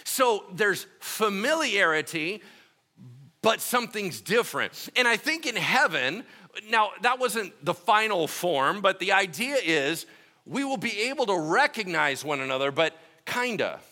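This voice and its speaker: A male pastor with a fairly high, bright voice preaches in a loose, chatty style. His pitch swings widely as he acts out the scenes he tells. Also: measured pace. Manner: conversational and animated, acting out scenes. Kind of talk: sermon.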